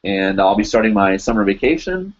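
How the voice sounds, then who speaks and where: A man hosting a live online show, chatting loosely with his viewers as he goes through their comments. He rambles through plenty of fillers and laughs now and then, in a somewhat low voice. The stream audio sounds dull and lo-fi. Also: very animated, a little fast. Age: adult, teaches in Japan. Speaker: host of a live web show. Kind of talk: casual live-stream chat reading comments.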